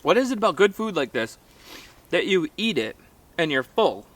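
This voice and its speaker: A man's voice: a little high, very animated, moderate pace, a bit bright. Man chatting with his mouth full. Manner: talks with his mouth full, laughs often. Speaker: channel host. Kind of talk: casual chat while eating. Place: outdoors on a frozen lake in winter.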